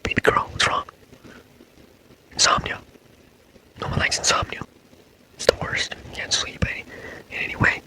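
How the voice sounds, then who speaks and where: Guy doing whispered role-play asmr boyfriend thing, super sharp bright whisper, repeats stuff over and over. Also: moderate pace, pauses often, low-quality recording. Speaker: ASMR creator.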